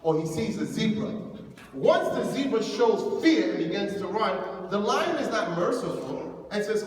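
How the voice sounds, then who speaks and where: A man giving an animated lecture to young people, acting out the voices of the people he quotes. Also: high voice, normal speed. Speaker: imam giving a youth lecture. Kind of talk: lively motivational lecture. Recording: echoey hall from far off, faint noise.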